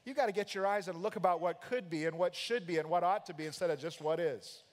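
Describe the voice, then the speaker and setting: A high-pitched American man preaches with emphatic, dramatic delivery, acting out the lines of the figures in his stories. His voice rings with long reverb through a church sanctuary. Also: quick pace. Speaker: pastor. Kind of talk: sermon.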